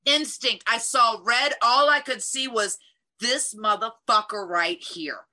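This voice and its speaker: Bright-voiced woman telling a wild story. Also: on the high side, measured pace. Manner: animated, profane storytelling. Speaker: storyteller in group chat. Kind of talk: casual chat.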